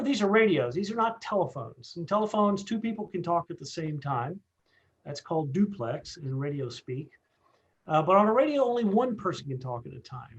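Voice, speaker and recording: A man's voice: fairly high pitch, highs cut off. A middle-aged man leading a radio communications training session, earnest and repetitive, with many fillers and restarts. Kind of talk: training presentation.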